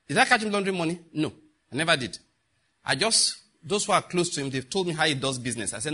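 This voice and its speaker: Speaking a bit fast and pausing often, this middle-aged man from Nigeria has a higher, breathy voice. He spins humorous tales and counsels young people, frequently bursting into laughter, with the occasional preachy aside in his animated delivery.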